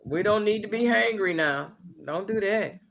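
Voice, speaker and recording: A man's voice: high voice, normal speed, vocal fry, a bit bright. A man chatting playfully and upbeat with friends. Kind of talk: casual group chat.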